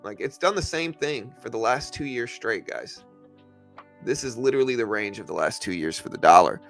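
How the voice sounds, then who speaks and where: A man's voice: medium pitch, expressive, normal speed, gravelly, soft background music. A man hosting a casual livestream about the markets, talking straight back at viewers and often stumbling and restarting as he argues his point. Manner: repeats himself, stumbles and restarts. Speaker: livestream host. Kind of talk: casual livestream market commentary answering chat.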